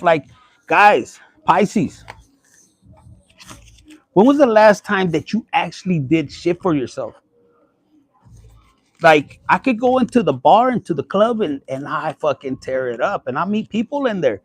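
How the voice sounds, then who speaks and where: A young man with a fairly high voice gives a relaxed, profane tarot reading. He drops Spanish words into his chatter. The sound is close and dry, with little room in it. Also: a little slow, pauses often, slightly rough, dry recording. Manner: profane, blunt and chatty, mixing in Spanish phrases. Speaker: tarot reader. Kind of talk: casual tarot reading vlog.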